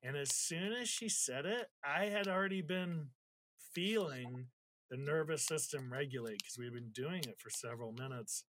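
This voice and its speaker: A man's voice: fairly high pitch, moderate pace, fairly bright tone, a little hiss or hum. A man in a casual conversation, telling a personal story candidly, swearing freely and getting emotional as he talks. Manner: reflective, gets emotional while recounting.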